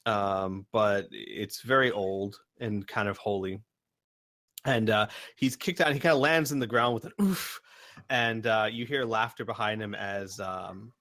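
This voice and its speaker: A man narrates a tabletop game, wandering through his descriptions with lots of fillers. His voice is low, and the recording is dry and close. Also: fairly bright tone, dry recording. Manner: rambling, many fillers. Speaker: game master.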